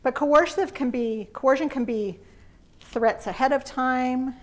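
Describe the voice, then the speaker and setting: A woman's voice: high-pitched, a little slow. A woman teaching a faith-based parenting class to a live group, earnest and heartfelt in a conversational way.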